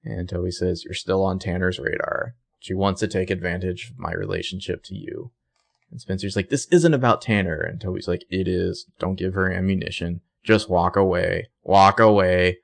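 A man's voice: low voice, fairly even intonation, moderate pace, vocal fry. A young man co-hosting a casual chat, retelling a TV episode by acting out the characters' lines. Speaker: podcast co-host recapping a TV show.

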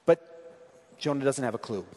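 A man's voice: mid-range voice, moderate pace, warm tone. A man preaching a sermon in a conversational way, reading scripture and asking the congregation questions. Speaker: pastor. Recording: long hall reverb.

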